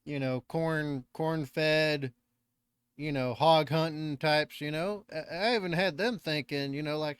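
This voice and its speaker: A man's voice: fairly high pitch, measured pace, clear, resonant tone, no room sound, clean studio sound. Rambling man with a Southern twang. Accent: Southern American. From Northern California. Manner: rambling, self-deprecating, swears casually. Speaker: reaction channel host. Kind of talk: casual reaction commentary.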